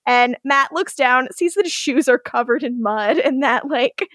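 High-voiced woman recapping with laughter. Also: fairly bright tone, no room sound. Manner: laughs often, acts out characters' lines in quick voices. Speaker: podcast co-host. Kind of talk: casual chat, recapping a TV episode.

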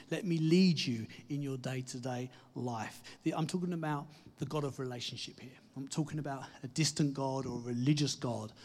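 A man delivers an earnest sermon, encouraging his listeners and leaning hard on key phrases before easing into quieter moments. His voice has a slightly husky edge. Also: medium pitch. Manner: earnest, encouraging, emphatic with soft dips and laughs. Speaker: preacher.

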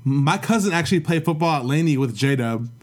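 Young man, slangy casual podcast banter, fairly high voice, animated. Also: brisk. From San Francisco Bay Area. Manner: slangy, animated, laughs often. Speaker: podcast co-host.

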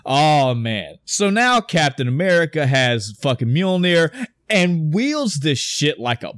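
A man in a casual podcast chat recapping a movie scene, excited and profane, acting out his own reactions as he tells it. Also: on the high side, slow, dry recording. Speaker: podcast co-host.

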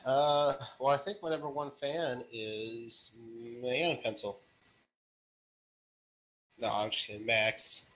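A man's voice: mid-range voice, steady tone, slow, pauses often, a bit bright, poor audio. A man being interviewed on a casual podcast, answering in a joking, laid-back and self-deprecating way. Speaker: podcast guest, story author.

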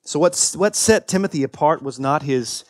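A man in his thirties preaching a sermon as a pastor. He is earnest, swings from emphatic peaks to quiet confession, and often restarts and repeats his words. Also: a little high, moderate pace, dry recording, clean studio sound.

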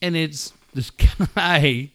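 A middle-aged man co-hosting a radio show, telling excitable stories in casual banter, swearing freely and acting out yelling. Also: fairly high pitch, extremely slow, no echo. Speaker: radio co-host.

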